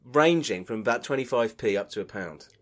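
A man's voice: medium pitch, lively intonation, brisk. A man co-hosting a podcast, chatting in a rambling, self-mocking, playful way. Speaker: podcast co-host. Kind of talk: casual podcast banter.

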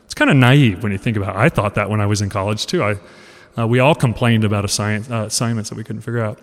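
A college professor in his forties giving an animated, conversational talk, asking his audience questions and acting out lines. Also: on the low side, fast talker. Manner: animated storyteller, acts out quoted lines. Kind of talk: casual lecture talk. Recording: long reverb of a hall.

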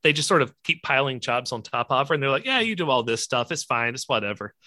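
A man's voice: mid-range voice, lively intonation, fast talker, bright, forceful tone, no echo, clean studio sound. A man co-hosting a podcast in casual chat, throwing in wisecracking asides. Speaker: podcast co-host.

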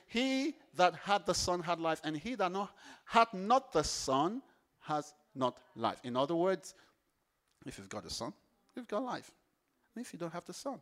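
A man preaching a sermon, animated, repeating phrases for emphasis and swinging from hushed to loud. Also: sits high.

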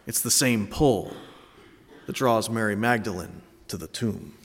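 A man in his late thirties from Connecticut preaching an Easter sermon, telling a story with reflective warmth and dry self-mocking humor. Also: fairly low pitch, unhurried, slightly rough, long reverb tail. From Connecticut, USA. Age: late 30s. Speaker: pastor.

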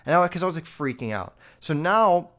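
A man's voice: fairly high pitch, fairly quick. A man telling a story in casual monologue, swearing freely and filling his talk with "like" as he speaks straight to his listeners. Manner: profane, rambling, filler-heavy with constant "like"; animated, addresses listeners directly.

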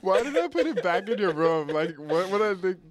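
A man in casual chat, wry and laid-back, quick to laugh. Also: sits high, sing-song.

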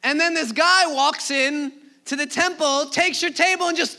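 A man preaching a sermon, telling the story in a conversational, animated way with acted-out asides. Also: very high-pitched, moderate pace. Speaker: pastor.

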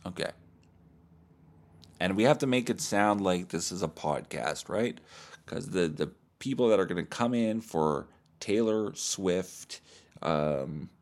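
A man's voice: deep voice, animated, slow pace. A man hosting a solo podcast, talking in a profane, self-mocking way and restarting his takes. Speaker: podcast host.

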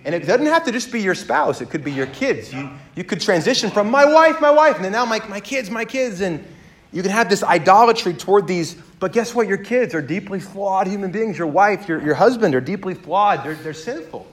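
A man in his thirties delivers a sermon with a slightly raised pitch. He tells personal stories and acts out the dialogue, and his voice jumps sharply in pitch and loudness as he does. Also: lively intonation, brisk. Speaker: pastor.

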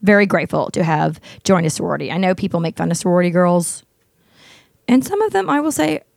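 A woman's voice: lowish voice, lively intonation, quick pace, vocal fry, darkish tone, dry recording, clean studio sound. A blunt, outspoken middle-aged woman hosting a casual talk show, chatting with her co-host. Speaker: podcast host. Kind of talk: casual chat.

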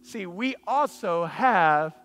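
A man preaching a sermon in an animated, emphatic, storytelling way. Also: high voice, takes it slowly, soft background music. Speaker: pastor.

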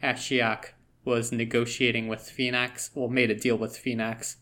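A man's voice: medium pitch, flat delivery, a little slow, bright, forceful tone. Man, podcast co-host, chatty, rambling, casual fan talk.

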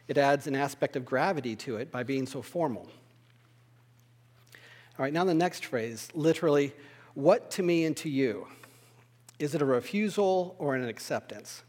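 A man teaching a Bible study lesson, explaining word meanings in a measured, thoughtful way. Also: mid-range voice, a little mellow, slightly rough, in a large hall.

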